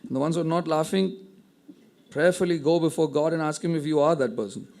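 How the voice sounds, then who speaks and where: A man preaching a sermon, retelling a story with animated acted-out quotes and frequent word restarts. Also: a little high, brisk, slight background noise. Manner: repeats words when restarting. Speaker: pastor.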